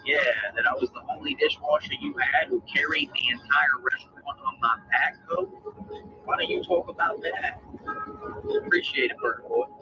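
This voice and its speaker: A man's voice: mid-range voice, huge pitch swings, moderate pace. A man delivering a confrontational, profane rant, taunting and repeating his challenges. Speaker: ranting video poster. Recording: lo-fi clip under loud music.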